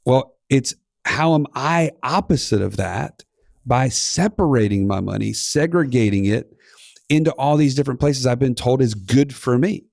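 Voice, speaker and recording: A man in his thirties with a gravelly edge chats animatedly on a finance podcast, with a streak of playful sarcasm. The sound is dry and close, with no room around it. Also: medium pitch, normal speed, darkish tone, no echo. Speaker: podcast co-host. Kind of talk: casual finance podcast chat.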